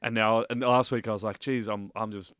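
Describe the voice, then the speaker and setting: A man's voice: on the low side, steady tone, brisk, a bit bright, no echo, clean studio sound. A man co-hosting a podcast, talking openly and emotionally in casual chat, often laughing. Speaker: podcast co-host.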